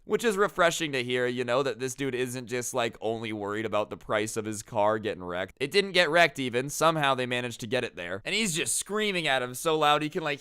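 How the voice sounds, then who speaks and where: A man's voice: mid-range voice, bright, forceful tone, smooth, no room sound, studio quality. A man casually narrating a storytime video in a laid-back, slangy way. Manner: laid-back, slangy, says "bro" a lot. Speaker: storytime YouTuber.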